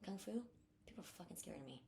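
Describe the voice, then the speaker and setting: A woman's voice: on the low side, expressive, fast talker, vocal fry, dark tone, slight background noise. A woman co-hosting a podcast in casual chat, blunt and profane, with fired-up talk. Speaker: podcast co-host.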